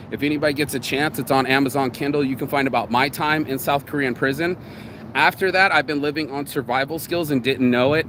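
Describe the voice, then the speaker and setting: Standing by a road outside, a man offers casual, rambling morning motivation as a vlogger, speaking candidly, swearing freely and imitating other people's lines. His pitch is medium, and background noise is audible.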